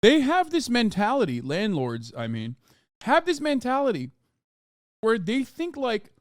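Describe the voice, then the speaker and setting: A man's voice: sits high, wildly swooping pitch, a little slow, dry recording, studio quality. A man streaming, reacting to videos with blunt, profane casual commentary and mocking asides to his chat.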